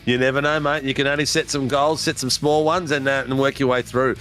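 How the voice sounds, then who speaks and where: A man's voice: mid-range voice, fairly even intonation, fairly quick, a bit bright, faint music behind. A man hosting post-race interviews for a sim racing broadcast, chatty and hyped up. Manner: hyped announcer, chatty, says mate a lot.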